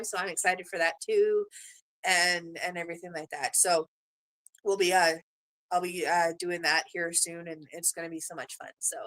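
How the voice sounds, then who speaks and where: A woman's voice: lowish voice, a bit bright. A middle-aged woman, a grandmother from Canada, chatting casually with viewers on her live stream, rambling and gushing with many fillers. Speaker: livestream host.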